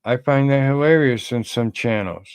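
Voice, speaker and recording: A man's voice: medium pitch, moderate pace, smooth, no echo, clean studio sound. A man co-hosting a podcast livestream, rambling casually and greeting chat viewers by name. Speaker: podcast co-host.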